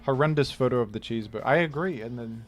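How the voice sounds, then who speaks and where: A man's voice: medium pitch, fast talker, soft background music. A young man, casually joking and rambling through a live game stream. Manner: joking, rambling, exclaims loudly when surprised.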